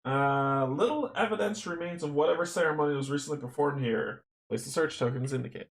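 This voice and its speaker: A man's voice: a little high, fairly quick, vocal fry. A man playing a board game solo, reading the game text aloud and chatting to himself with chuckles. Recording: roomy echo.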